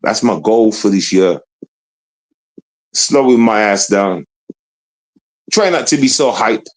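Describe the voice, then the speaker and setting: Man, livestream monologue, low voice, rambling, profane, confrontational, keeps checking "you understand?". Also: expressive, slow pace, poor audio. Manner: confrontational, swings between low mutter and raised voice.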